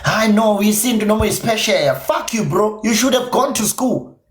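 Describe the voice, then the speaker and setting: A man's voice: high-pitched, lively intonation, normal speed. A South African man with a Zulu-inflected accent, a native isiZulu speaker, ranting confrontationally and profanely on his podcast stream. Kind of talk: angry livestream rant. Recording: echoey room.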